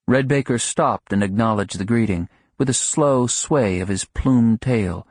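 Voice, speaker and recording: Measured male audiobook narrator, slightly husky. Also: lowish voice, darkish tone, dry recording, clean studio sound. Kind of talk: scripted literary narration.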